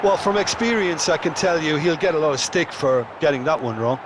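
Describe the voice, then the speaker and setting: A man voicing a seasoned male football colour commentator in a video game, explaining the play in a steady, thoughtful way. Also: fairly high pitch, a little fast, background noise, lightly acted. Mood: analytical. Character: seasoned male football pundit, calm and analytical. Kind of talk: scripted video game match analysis.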